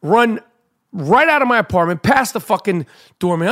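A man with a high, light voice tells a breathless story about running late, cursing constantly. He jumps into his own panicked shouts, then drops back to a low, confiding aside. Middle-aged and loud, he sounds like a radio show regular on a rant. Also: lively intonation, fairly quick. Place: New York.

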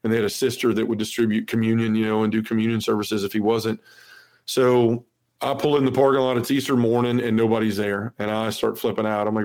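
Flat-voiced man telling his story. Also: fairly low pitch, quick pace. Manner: earnest, heavy use of "you know"; acts out quoted dialogue. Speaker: podcast guest. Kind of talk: personal testimony storytelling.

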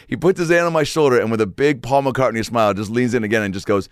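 A middle-aged man telling a story in casual chat as podcast host, slipping into quick voices of the people in it. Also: medium pitch, clean tone, no room sound, clean studio sound. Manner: animated storyteller, does quick voices of people in his stories.

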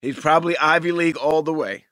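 A man co-hosting a podcast in casual chat, loud and animated. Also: fairly high pitch, fast, dry recording, clean studio sound. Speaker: podcast co-host.

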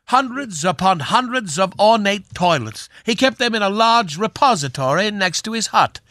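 A man's voice: high voice, lively intonation, sharp tone, dry recording, clean studio sound. A man playing a pompous, aging, knighted film swashbuckler as a guest on a radio comedy bit, with a grand, theatrical manner. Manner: grand, theatrical, drawn-out delivery.

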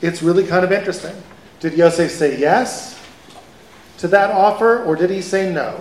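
A man, a rabbi, giving a lively conversational Torah lecture to a live audience and asking them questions. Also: high-pitched, normal speed, slight background noise. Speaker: rabbi teaching a Torah class. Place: event hall with an audience. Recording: echoey hall.

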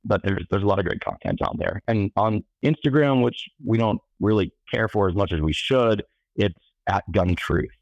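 A man's voice: on the low side, moderate pace, creaky, dry recording. A man guesting on a podcast, joking dryly and rambling with restarts. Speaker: podcast guest, gun reviews editor. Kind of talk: casual podcast interview. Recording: dull lo-fi mic.

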